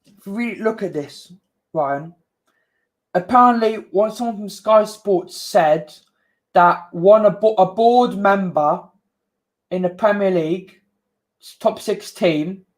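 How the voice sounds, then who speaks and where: Defensive man, high voice. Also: takes it slowly, pauses often. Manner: defensive, keeps repeating "calm down". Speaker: stream co-host. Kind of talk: heated livestream chat.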